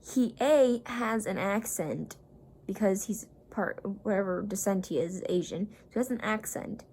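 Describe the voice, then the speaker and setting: A woman's voice: mid-range voice, a little slow, a little mellow, breathy edge. A young woman vlogger casually retelling a story, rambling and acting out the people she quotes.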